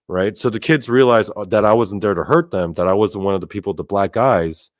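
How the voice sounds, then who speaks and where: A man telling a story in a casual monologue, animated and profane, with lots of "like" fillers. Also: fairly low pitch, quick pace, few pauses, no room sound, clean studio sound. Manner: animated and profane, heavy use of "like". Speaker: storyteller host.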